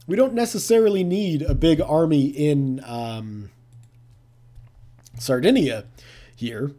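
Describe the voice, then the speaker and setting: A man's voice: fairly high pitch, slow pace, mellow. A man giving casual let's-play commentary, thinking aloud with playful asides. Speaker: gameplay commentator.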